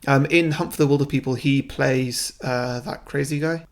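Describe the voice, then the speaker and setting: Gravelly man chatting on a podcast. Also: medium pitch, normal speed. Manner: relaxed, with many fillers. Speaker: podcast co-host reading his fan script. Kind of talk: casual podcast chat.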